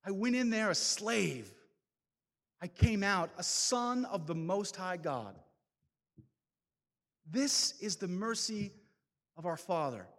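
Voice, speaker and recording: A man's voice: sits high, animated, slow pace, long pauses. Fervent man preaching in a hall. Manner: fervent, preacherly, builds to loud exhortations. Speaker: speaker giving a testimony talk. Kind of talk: impassioned testimony talk. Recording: long hall reverb.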